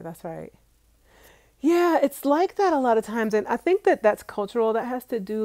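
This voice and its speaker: A young woman vlogger talks casually to her viewers, reading out live comments and laughing easily along the way. Her voice sits in a middle pitch range, and the sound is dry and close, with no room echo. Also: warm tone. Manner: chatty, laughs often, talks straight to viewers. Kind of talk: casual live-stream chat.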